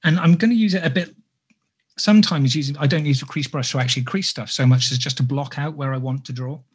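A man's voice: on the high side, quick pace, husky. A man giving a live sculpting tutorial, chatty and self-deprecating, drifting into jokey asides. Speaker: sculpting instructor.

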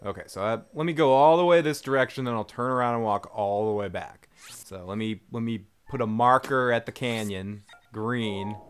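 A man's voice: medium pitch, normal speed, smooth. A young man casually commenting on his gameplay, laid-back and profane, rambling as he plays. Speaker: gaming channel host. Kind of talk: casual let's play commentary.

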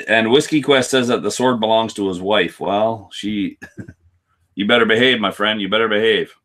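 With a lowish voice at normal speed, a man appears on a casual live whisky stream, responding in a dry, deadpan manner and welcoming viewers by name.

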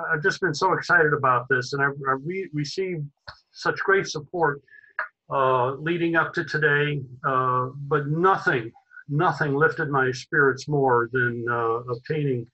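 A man hosting an online society meeting, speaking haltingly with many fillers and restarts. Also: medium pitch, bright, forceful tone, dull audio. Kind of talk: hesitant introductory remarks.

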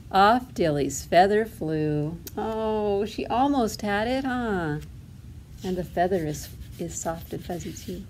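A woman librarian reads a storybook aloud to toddlers in a sing-song way, stopping to ask the children questions. Her medium-pitched voice is a little mellow, with a slight hiss or hum in the recording.

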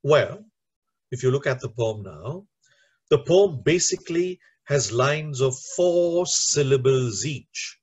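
A man's voice: mid-range voice, darkish tone, breathy edge. A man teaching teachers in a recorded lecture, explaining step by step and often checking in with "right?". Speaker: teacher trainer.

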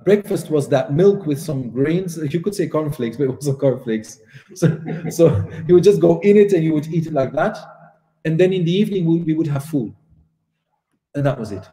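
A Belgian man in his forties giving a religious lesson, telling personal stories in a lively anecdotal way. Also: a little high. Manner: warm anecdotal storytelling with laughs and acted dialogue. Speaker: Islamic teacher. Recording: echoey hall.

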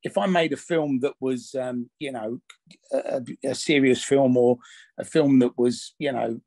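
A man's voice: mid-range voice, measured pace, creaky, warm tone, no room sound. A man, an actor telling stories in a candid interview, blunt and full of restarts. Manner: blunt, rambling, many restarts and fillers. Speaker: actor and film producer being interviewed.

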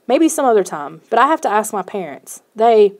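A woman's voice: medium pitch, big pitch swings, moderate pace. A woman doing a timid, nervous boy. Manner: hesitant, fearful, trembling.

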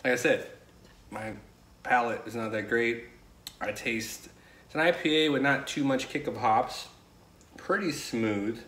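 A man's voice: medium pitch, a little slow, pauses often, fairly bright tone. A man as guest in a casual chat, talking in a loose, rambling way. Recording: echoey room with faint noise.

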